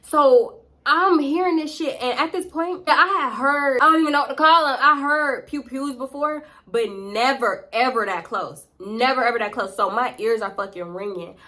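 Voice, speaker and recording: A woman's voice: high voice, normal speed, bright, forceful tone. A young woman, telling a storytime close to the camera in a profane, slangy, dramatic way. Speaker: vlogger. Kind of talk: casual storytime.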